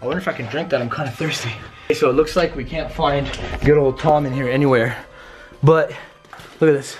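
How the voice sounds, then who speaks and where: A man's voice: mid-range voice, steady tone, fairly quick. A young man hosting a nervous ghost-hunt vlog, repeating himself and talking straight to viewers from a run-down house. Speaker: vlogger host. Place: inside a run-down house basement.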